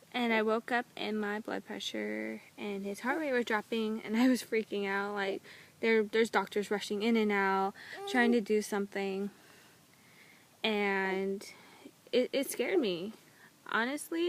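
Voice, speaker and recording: A woman's voice: medium pitch, fairly bright tone, slight background noise. Young mother telling a candid story. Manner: candid, emotional, halting with restarts. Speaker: new mother. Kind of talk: personal storytelling vlog. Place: home.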